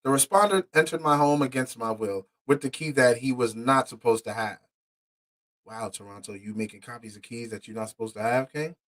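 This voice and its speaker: A man in the middle of a heated commentary, reading court papers aloud and breaking off to curse. His voice sits at an ordinary pitch, and it drops to low mutters before spiking into indignant outbursts. He stumbles over words as he reads. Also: brisk. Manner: swings from muttered asides to loud outbursts. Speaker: podcast host.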